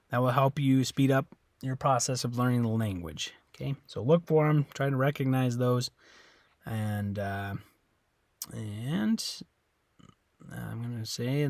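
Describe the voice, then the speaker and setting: His mid-range voice comes through clean studio sound with no echo as he leads a recorded Spanish class. The style is informal: words get repeated, he corrects himself, and phrases end with "okay?"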